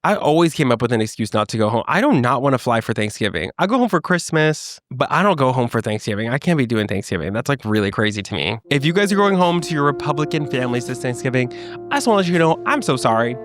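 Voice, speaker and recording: A young man hosting a solo comedy podcast, chatting in an animated, sassy way and joking with plenty of swearing. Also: mid-range voice, fast talker, no room sound, studio quality. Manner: animated, sassy, reacts and jokes freely with swearing. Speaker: podcast host.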